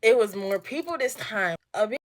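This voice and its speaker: Young woman, twenties, storytime vlogger, cussing a lot, animated, mid-pitched. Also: normal speed. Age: 20s. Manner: profane, animated, acting out quotes. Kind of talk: casual storytime.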